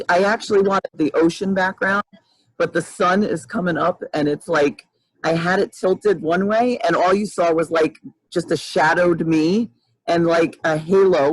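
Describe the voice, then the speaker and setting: A woman's voice: fairly low pitch, moderate pace, slightly rough, no room sound, low-quality recording. A woman in her fifties hosting a casual livestream chat over a video call, rambling and restarting often. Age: 50s. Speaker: host, life coach.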